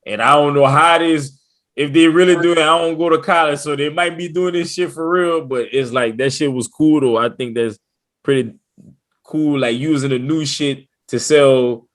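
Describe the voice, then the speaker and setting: A man with a slightly high voice gives his casual take on a show as a podcast co-host. His talk is slangy and rambling. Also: steady tone, moderate pace. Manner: laid-back, slangy, rambling.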